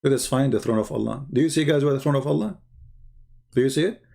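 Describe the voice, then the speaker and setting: A man mocks video clips with sarcastic commentary, repeating words for effect and using non-native phrasing. His mid-range voice is fast and warm, with vocal fry.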